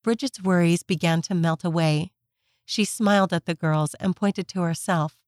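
A woman with a fairly low voice reads a children's story gently and at a measured pace. She is recorded close and dry on a studio mic, with no room sound at all. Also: fairly even intonation, no echo. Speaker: narrator. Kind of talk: scripted narration of a children's story.

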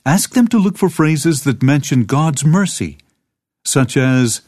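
A man calmly reading scripted instructions for teachers in a clear, even voice. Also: medium pitch, a little slow, no room sound, studio quality. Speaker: teacher manual narrator.

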